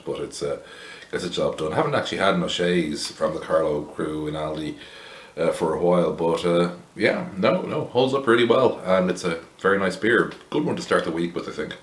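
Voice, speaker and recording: An Irish man with a low voice talks through a beer tasting in a loose, rambling way. He is wry and blunt, with lots of fillers, and the room gives back a noticeable echo. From Ireland. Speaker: beer reviewer, host. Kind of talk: casual chat to camera.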